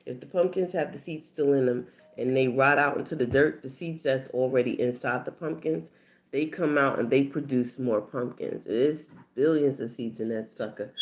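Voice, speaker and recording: A woman chatting casually on a livestream as a channel host, telling stories animatedly with bursts of laughter. She acts out quotes in squeaky high voices and drops to soft near-whispered asides. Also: normal speed.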